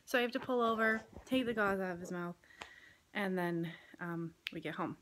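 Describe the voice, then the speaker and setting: A woman's voice: medium pitch, moderate pace, a bit bright. Woman vlogger, chatty family-channel mom, rambling storytelling with ums, faint hiss behind. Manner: chatty storytelling with many fillers. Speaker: vlogger, mother. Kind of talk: casual family vlog chat. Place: home, partly outdoors in a yard.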